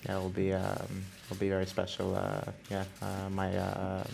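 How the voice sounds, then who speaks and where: A racing driver from Canada, answering press questions hesitantly with many pauses and fillers. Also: male voice, low-pitched, monotone, vocal fry, a little mellow, soft background music.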